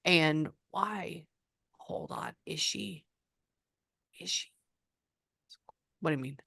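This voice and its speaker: A woman's voice: fairly low pitch, takes it slowly, vocal fry, sharp tone, breathy edge, dry recording, studio quality. A woman psychic medium giving a casual reading, thinking aloud and exclaiming often.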